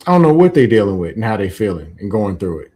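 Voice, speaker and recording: A man hosting a casual conversation, telling candid stories about feelings in a reflective, unhurried way. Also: on the low side, sing-song, dark tone, slightly rough. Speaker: podcast host.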